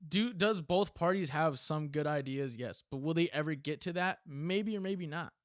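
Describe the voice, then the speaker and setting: A young man with a fairly high voice talks loosely on a podcast, cursing often and getting animated as he tells stories. The sound is close and dry, with no room around it. He speaks as a former Marine chatting among friends. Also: moderate pace, no room sound. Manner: swears freely, animated storytelling with acted quotes. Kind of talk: casual chat.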